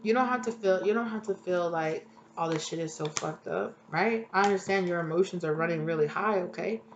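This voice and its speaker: A woman's voice: lowish voice, fairly quick, highs cut off, a little hiss or hum. Chatty woman reading tarot, swearing freely. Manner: chatty, animated, swears freely, laughs at herself. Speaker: tarot reader. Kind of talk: casual collective tarot reading.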